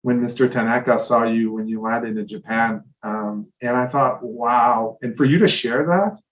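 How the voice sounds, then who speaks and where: A man's voice: mid-range voice, moderate pace, soft background music. A man hosting an interview, asking long enthusiastic rambling questions. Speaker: podcast host. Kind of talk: interview conversation. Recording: voice a bit distant from the mic.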